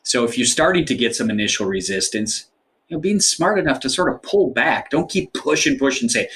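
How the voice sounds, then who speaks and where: A middle-aged man speaks as an interview guest. He explains his ideas in a thoughtful, measured way, with frequent fillers and restarts. His pitch sits in the middle range. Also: big pitch swings, a bit bright. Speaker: guest author. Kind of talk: interview conversation.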